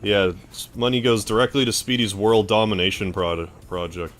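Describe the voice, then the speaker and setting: Canadian male streamer, low-pitched, casual chatter, bursts of excitement, faint music underneath. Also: normal speed. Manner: excitable outbursts, laid-back thanks. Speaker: game streamer. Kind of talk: casual gameplay commentary, thanking chat.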